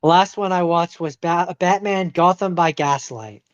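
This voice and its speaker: A man's voice: sits high, moderate pace, clear, resonant tone. A man co-hosting a casual podcast, hesitant with many ums. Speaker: podcast co-host. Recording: dry, slightly dull close mic.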